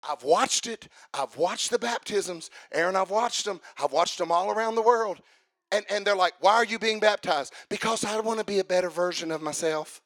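A man preaching a fiery sermon, swinging from hushed asides to shouted emphasis. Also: high voice, moderate pace.

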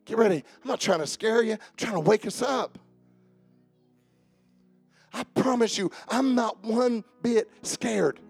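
A male pastor, preaching a sermon that swings from shouting fervor to hushed, earnest prayer. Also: high voice, a little slow, creaky, pauses often, breathy edge, faint music behind.

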